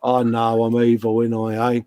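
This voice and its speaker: A man's voice: mid-range voice, completely flat delivery, moderate pace, warm tone, clean tone, no echo. A man co-hosting a live stream, chatting casually and joking as he reads out viewer comments. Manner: jokey, banter-filled, reads chat messages aloud. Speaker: co-host of a live model-building stream.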